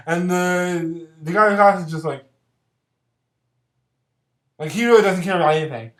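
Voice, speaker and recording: Giggly rambling vlogger recapping a movie, lots of um and like, mid pitch, echoey room. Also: normal speed, long pauses, fairly bright tone. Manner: rambling, filler-heavy, giggly. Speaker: vlogger reviewing films. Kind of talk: casual movie plot recap.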